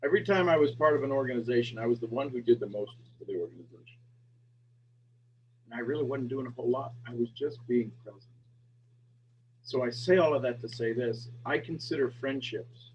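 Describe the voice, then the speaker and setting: A man's voice: medium pitch, a little fast, pauses often. A man hosting a group call, chatting casually, often laughing and at times getting emotional. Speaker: host. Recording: dull lo-fi call audio with faint hum.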